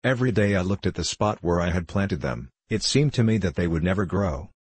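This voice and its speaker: A man narrates a novel in a calm, even manner. His voice sits very low and has a husky edge. The recording is dry and close. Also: fairly quick, no echo. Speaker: audiobook narrator. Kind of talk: scripted narration.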